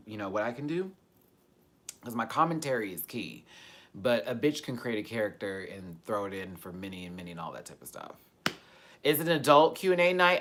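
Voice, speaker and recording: Candid, swearing man on a live Q&A. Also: on the low side. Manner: candid, expressive, swears freely; swings between loud animated bursts and soft, quiet asides. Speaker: YouTube host answering viewer questions. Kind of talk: casual live-stream Q&A chat.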